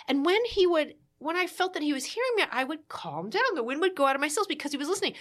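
A woman telling a story in relaxed podcast conversation. She talks with quick asides and plays out quoted lines as she goes. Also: high voice. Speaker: guest telling a marriage story. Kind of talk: casual podcast chat.

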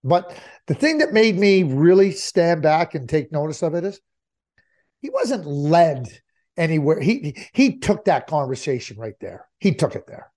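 A man analyzing hockey in a relaxed podcast chat. He gets emphatic, repeats his key words, and stumbles into restarts. His voice runs high. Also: measured pace. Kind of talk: casual sports talk.

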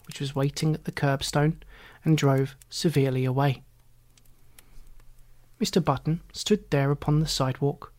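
A narrator reading a classic story aloud in a measured, formal storytelling manner. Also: medium pitch, a little mellow. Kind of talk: literary audiobook narration.

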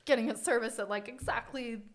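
A woman's voice: fairly high pitch, normal speed. A young adult woman, a podcast guest, telling stories in casual conversation, laughing often and acting out what people said. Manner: animated storyteller, laughs often, acts out quotes. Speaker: podcast guest, watch collector.

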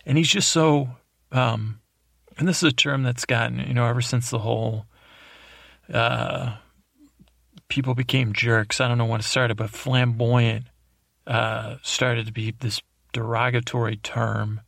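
A man's voice: medium pitch, fairly even intonation, measured pace, vocal fry, no room sound, studio quality. A man hosting a sleep podcast, rambling and meandering through an episode recap with drowsy, self-deprecating asides. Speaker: podcast host.

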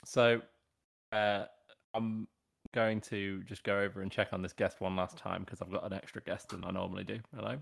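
A man playing an improv game on a comedy podcast, often hesitant and filling pauses with ums. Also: deep voice, little pitch movement, creaky.

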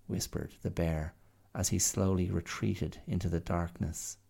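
Slow, gravelly male storyteller. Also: deep voice, fairly even intonation. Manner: gentle, unhurried reading. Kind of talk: storybook narration.

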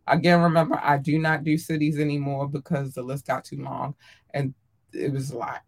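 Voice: medium pitch, flat delivery, moderate pace. Effusive, chatty podcast host. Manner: effusive and affectionate, calls listeners darlings and babies; chatty with frequent ums and laughs. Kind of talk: casual solo podcast chat.

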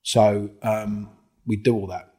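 A man's voice: lowish voice, slow. A man, a former undercover police officer, telling his stories in a casual interview, swearing freely and acting out what others said. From England. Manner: swears a lot, acts out other people's lines with lively quoted voices.

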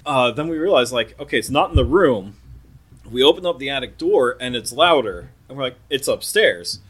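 A man in his thirties, a podcast host, telling a ghost story in a casual, animated way and acting out the sounds. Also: medium pitch, brisk, slightly rough. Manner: animated, acts out sounds and quotes.

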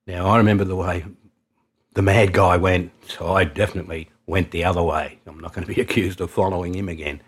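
A man's voice: sits low, fairly even intonation, fairly quick, slightly rough. A man with an Australian accent, a taxi driver telling a vivid anecdote in colloquial, conversational speech. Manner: colloquial, vivid storytelling, drops quiet for tension. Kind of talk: spoken anecdote.

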